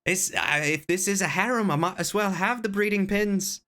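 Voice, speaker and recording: Playful streamer hamming it up. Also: male voice, high-pitched, normal speed, sharp tone. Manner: playful, hamming a jokey Irish accent. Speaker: variety streamer. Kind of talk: casual live-stream chat. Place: home room with closet doors.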